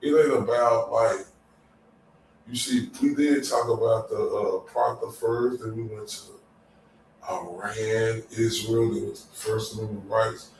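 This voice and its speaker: A man's voice: lowish voice, fairly even intonation, a little slow, a little mellow, slight background noise. A man hosting a casual after-show chat, loose and exclamatory, laughing often. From Dallas, Texas. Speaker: show host. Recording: very echoey room, distant mic.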